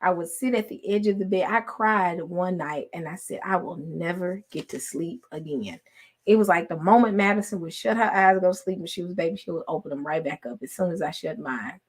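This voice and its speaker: A woman, telling a story in casual chat with her followers, laughing often and swinging from loud to hushed. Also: on the low side, fast, hardly any pauses. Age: 40s. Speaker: online host talking to followers.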